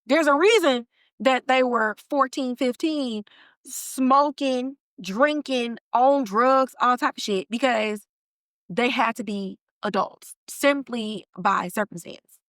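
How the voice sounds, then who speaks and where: Woman podcast host, casual recap chat, slangy animated storytelling, fairly high voice, dry close sound. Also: slow, no echo.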